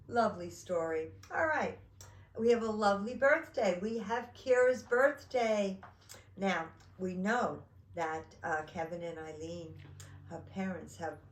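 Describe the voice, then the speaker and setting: A woman hosting story time who reads a picture book aloud slowly and expressively, then chats. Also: on the low side, echoey room, slight background noise, poor audio.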